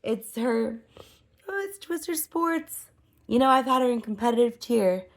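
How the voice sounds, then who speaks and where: A woman's voice: on the high side, animated, a little slow. A woman in her thirties talking in a casual personal vlog, rambling with many restarts and fillers, emotional and easily worked up. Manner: rambling, restarts often, lots of "like" and "you know". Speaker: vlogger.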